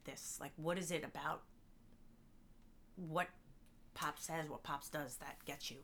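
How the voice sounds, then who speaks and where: A woman co-hosting a casual chat, asking gentle, hesitant questions. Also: low voice, fairly even intonation, unhurried. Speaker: podcast co-host.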